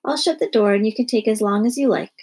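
A woman playing a brisk, weary storybook mother. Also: on the high side, a little mellow, slightly rough. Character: patient, weary mother of four.

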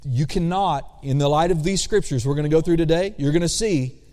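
A man's voice: fairly high pitch, darkish tone. A man preaching a sermon as pastor, drawing out key words and calling for responses. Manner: slow, drawn-out emphasis with call-and-response. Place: church sanctuary. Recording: long church reverb.

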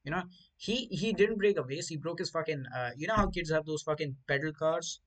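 Brisk and fairly high-pitched, this podcast host rambles through stories in a casual chat, cursing a lot and tripping over himself as he restarts. The audio is rough.

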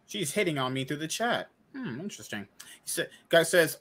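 A man's voice: fairly high pitch, big pitch swings, fairly quick, fairly bright tone. A man hosting a casual podcast chat, joking and swearing as he talks. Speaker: podcast host.

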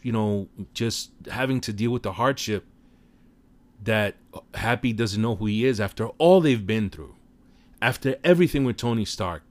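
A man casually retelling a movie plot in an animated way, with offhand swearing. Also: fairly low pitch, dry recording. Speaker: film recap commentator.

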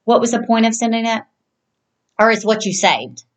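A woman's voice: a little high, lively intonation, normal speed, rough recording. Female podcast co-host, casual rambling storyteller. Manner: chatty, rambling, restarts often.

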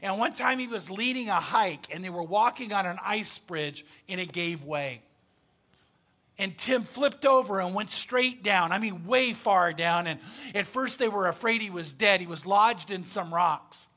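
A man's voice: high voice, lively intonation, unhurried, pushed and bright. A man preaching a sermon, telling a story in an emphatic, conversational way with frequent fillers. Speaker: pastor.

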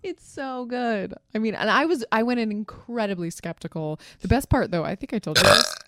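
Female podcast co-host, chatty storyteller, mid pitch, dry studio sound. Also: expressive, fast, fairly bright tone, no echo. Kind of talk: casual chat.

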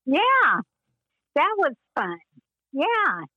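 An older woman and former child actress, telling stories in an interview with meandering pauses and frequent laughs. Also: high voice, huge pitch swings, muffled recording, a crowd in the background. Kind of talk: reminiscing interview.

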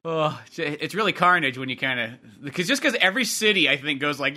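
A man telling stories as a podcast guest in casual chat, animated, swearing and full of "like". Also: a little high, fairly quick.

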